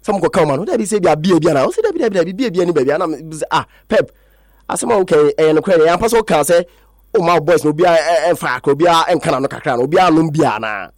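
A man with a Ghanaian accent presenting sports news in an excited way, acting out quotes from players and coaches. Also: a little high, rapid-fire, no echo, studio quality. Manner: excitable, mixes languages, acts out quotes. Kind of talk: animated sports talk.

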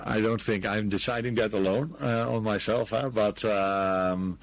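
A football manager answering press questions in a calm, deliberate way with many fillers. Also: male voice, sits low, dry recording, poor audio.

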